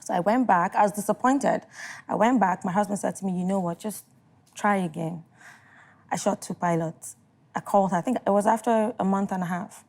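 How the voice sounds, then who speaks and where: A woman's voice: mid-range voice, fast talker, vocal fry, darkish tone. A young adult woman with a Nigerian accent, a TV host and producer, telling a story as a studio talk show guest and acting out what others said to her. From Northern Nigeria. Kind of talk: casual studio interview, storytelling.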